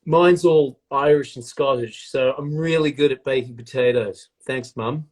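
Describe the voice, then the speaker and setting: A man's voice: medium pitch, measured pace. A man chatting casually on a live video stream while baking, joking and rambling in a self-mocking way.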